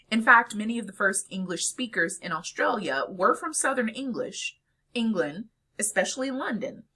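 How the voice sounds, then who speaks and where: A woman talks through a lesson with a lively, rising and falling delivery. Her voice is bright with a husky edge. She explains points step by step, dropping in the odd filler. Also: mid-range voice. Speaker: lecturer. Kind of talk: recorded lecture.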